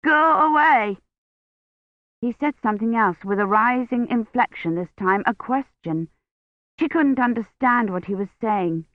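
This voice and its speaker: A woman narrating an audiobook in a measured, even storytelling manner, on tinny, dry phone-like audio. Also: mid-range voice, no room sound. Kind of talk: scripted narration.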